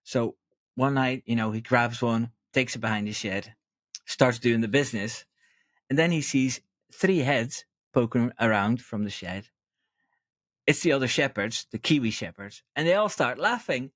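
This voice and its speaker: A man's voice: medium pitch, animated, moderate pace, fairly bright tone, no echo. A man hosting a podcast, telling a long joke in a rambling, hesitant way. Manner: rambling, hesitant, many ums and restarts. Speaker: podcast host. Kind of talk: casual chat, telling a joke.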